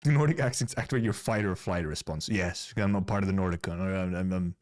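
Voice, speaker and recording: A low-pitched man talks a little fast. He's a Finnish streamer from Finland whose casual live-stream commentary on game content rambles, with frequent restarted words.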